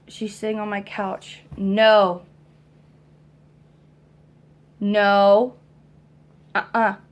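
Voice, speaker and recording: A mother venting about her kids in a rambling, halting way, exhausted, with lots of fillers, at home. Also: medium pitch, creaky.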